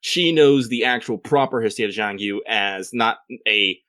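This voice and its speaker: A relaxed man co-hosting a casual podcast, chatting with short agreeing interjections. His voice sits on the low side. The recording is dry and close to the mic. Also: normal speed, no echo. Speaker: podcast co-host.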